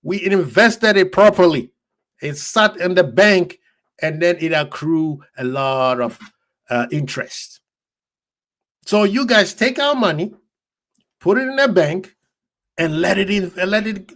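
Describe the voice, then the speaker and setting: A young man hosts a casual football fan live stream. He talks to his chat in an excitable, laughing way. His voice sits a little on the high side. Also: a little slow.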